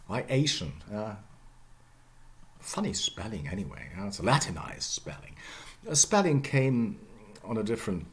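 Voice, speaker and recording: A man's voice: on the low side, very animated, moderate pace, pauses often. A middle-aged man giving a university lecture, repeating example words over and over and checking in with "yeah?" and "okay?".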